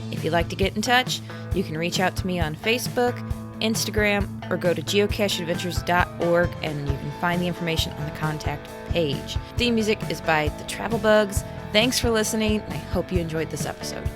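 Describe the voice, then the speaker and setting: A woman hosting a podcast, asking friendly questions and reading a clear outro. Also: lowish voice, fairly quick, music in the background. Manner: friendly, brief reactions, clear scripted outro. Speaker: podcast host. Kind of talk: interview host and outro.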